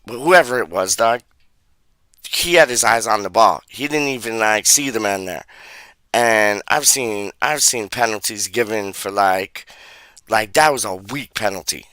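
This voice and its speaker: Man, casual football chat, slangy and rambling, bright forceful voice, dry close sound. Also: lowish voice, no room sound. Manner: slangy, rambling, repeats himself, says "dog" a lot. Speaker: livestream host reading chat.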